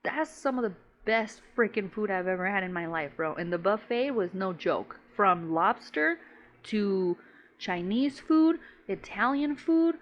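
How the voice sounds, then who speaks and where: A podcast co-host, a woman with a medium-pitched voice, swaps stories in a casual chat, speaking a little slowly in slangy talk packed with swearing and "bro." She's animated and frequently laughs mid-sentence. The audio sounds somewhat dull and lo-fi.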